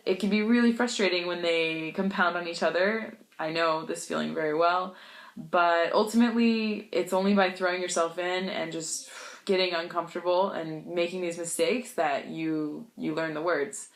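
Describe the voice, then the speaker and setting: A woman's voice: on the low side, roomy sound. A woman vlogging about learning a language, chatty and self-deprecating, telling stories and laughing often. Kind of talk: casual storytelling vlog.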